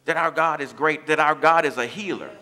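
A man's voice: fairly high pitch, brisk, bright, forceful tone. A man preaching a sermon as pastor of his church, impassioned, with call-and-response asides to the congregation. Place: church sanctuary.

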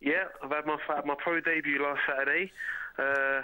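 A man's voice: on the high side, normal speed, rough recording. A young man, a pro boxer from South chatting casually as a phone-in guest and calling the host "mate". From South London, England. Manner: relaxed and chatty, says "mate" a lot. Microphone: phone line.

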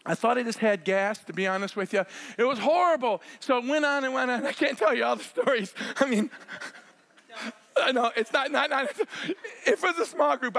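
A middle-aged man preaching a sermon, telling healing stories with excited shouts and laughter. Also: very high voice, gravelly, in a large hall. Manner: excitable storyteller, shouts and laughs while acting out scenes. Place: church sanctuary.

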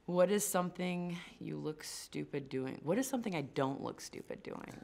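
A woman's voice: on the low side, normal speed, gravelly, a little mellow. A woman from the North Shore of Massachusetts, a CGI producer, chatting casually and self-deprecatingly through a Q&A and laughing often. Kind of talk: casual on-camera Q&A.

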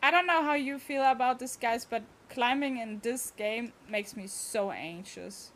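A woman's voice: on the high side, measured pace, fairly bright tone. A young woman, chatting and exclaiming as she streams a game. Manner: chatty, exclaiming, talks to chat. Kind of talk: casual gameplay commentary.

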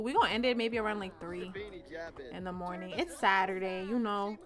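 A woman's voice: medium pitch, a little fast, soft background music. A woman in her twenties giving playful, slangy, profane let's-play commentary as a channel host.

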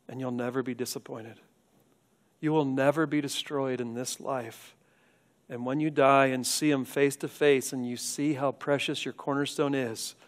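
A man preaching a sermon as pastor, moving between hushed, quiet passages and loud, urgent appeals. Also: mid-range voice. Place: church sanctuary.

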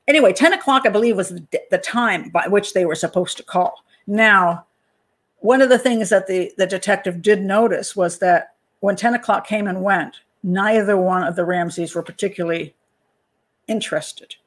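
Breaking down a case on her true-crime channel, this host and criminal profiler speaks in a mid-range voice with a relaxed, lively energy. She stops now and then to mutter over her notes and plays out how the frightened parents reacted.

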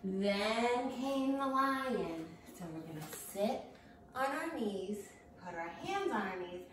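A woman teaching a children's yoga lesson, gently encouraging young kids through breathing and animal poses. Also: mid-range voice, animated, background noise. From United States. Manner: gentle, encouraging, slow and patient. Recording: very echoey room, voice from far off.

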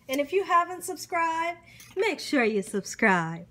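A woman's voice: sits high, a little slow, a little hiss or hum. A middle-aged woman filming a casual food-tasting vlog, savoring each bite with hums, whoops and grateful exclamations. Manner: warm churchy exclamations and blessings. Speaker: cooking vlogger.

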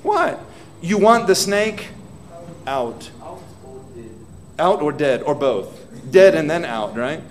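Preaching dramatically in a church hall, this pastor has a slightly high, sing-song voice and speaks at a slow pace. He poses questions directly to the congregation and voices prayers with rising intensity.

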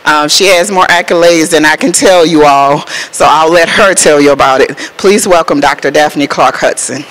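A woman emceeing an event, chatting to a live audience in an animated way and laughing often. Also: low voice, normal speed, rough recording. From Houston, Texas. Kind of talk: casual speech to a live audience.

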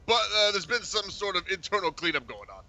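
A whiny, queasy smuggler contact who hems, haws and complains, as a man puts him on. The voice sits higher than natural, bright and lively. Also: brisk, full character voice. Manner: whining, hesitant, full of uhs. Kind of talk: voicing a game character in a playthrough.

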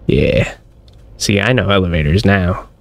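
A man's voice: low-pitched, a little slow, creaky, dry recording. A young man commenting on a horror shooter as he plays, with jumpy, self-mocking reactions. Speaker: gaming streamer. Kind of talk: let's-play commentary.

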